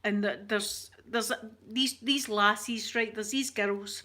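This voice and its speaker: A woman's voice: mid-range voice, fairly even intonation, takes it slowly, hardly any pauses, bright, forceful tone. A middle-aged Scottish woman from Scotland, chatting casually to her viewers as an ASMR vlogger and telling stories in a talkative way. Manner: chatty storyteller, addresses viewers as "yous".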